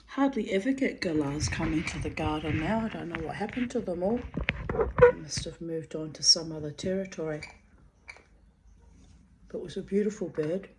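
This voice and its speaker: A woman's voice: deep voice, background noise. A middle-aged woman, candidly chatting and reading her own diary aloud, in a rambling way. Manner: slow, candid, rambling, talks to her pet bird. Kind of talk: casual chat and diary reading.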